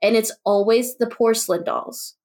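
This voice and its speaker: A woman's voice: on the high side, fairly even intonation, normal speed, darkish tone. A young woman co-hosting a podcast, telling stories in a casual chat with a sarcastic streak and lots of "like". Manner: storytelling, sarcastic, says "like" a lot. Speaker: podcast co-host.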